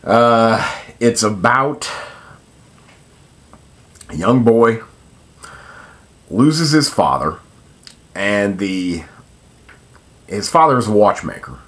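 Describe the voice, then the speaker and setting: A man's voice: on the low side, very animated, very slow, pauses often, a bit bright. A young man giving a casual spoken film review, hesitant and full of ums and uhs.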